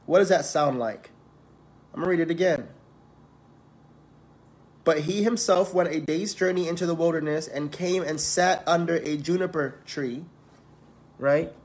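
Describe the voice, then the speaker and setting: A man's voice: a little high, unhurried, pauses often. A man preaching, reading scripture aloud and talking to the congregation in a conversational way. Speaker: preacher and counselor in training.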